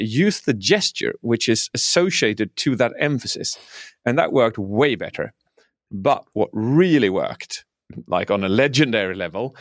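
A man's voice: lowish voice, no room sound, studio quality. A man who works as a speaking coach, explaining his methods earnestly in a conversational interview.

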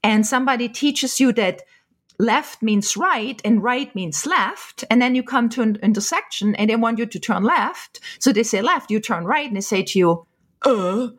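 A woman with a fairly high voice talks through her ideas in an interview. She explains patiently and leans on everyday examples to make each point land. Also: expressive, moderate pace. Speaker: animal communicator guest.

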